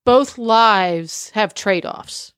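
A woman hosts a casual interview and responds to her guest in a supportive, reflective way. Her voice sits at a middle pitch. The room sounds dry and close. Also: extremely slow, a bit bright, clean tone, no room sound. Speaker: podcast host.

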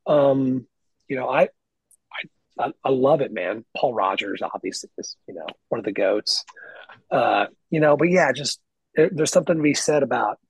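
A middle-aged man, a guest guitarist, telling stories in casual podcast chat with lots of swearing and animated emphasis. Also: medium pitch, moderate pace, breathy edge, no room sound, rough recording. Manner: profane, animated storyteller. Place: lives in Nashville.

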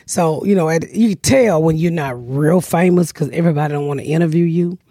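A woman's voice: deep voice, brisk, no room sound, clean studio sound. A middle-aged woman and podcast host telling comic stories in casual chat, swearing freely and laughing often. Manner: loud, profane, laughs often. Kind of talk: casual comedic storytelling.

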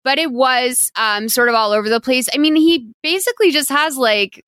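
A woman's voice: high voice, moderate pace, fairly bright tone, clear, resonant tone, no room sound. A woman hosting a podcast, chatting casually and animatedly, laughing often. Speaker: podcast host. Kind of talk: casual chat.

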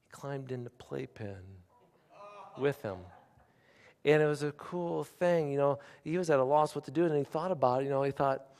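A pastor in his forties preaches a sermon to his congregation in a medium-pitched voice at normal speed. His animated delivery swings from near-whispered, intimate asides to loud, emphatic declarations, all ringing with the long reverb of a large hall.

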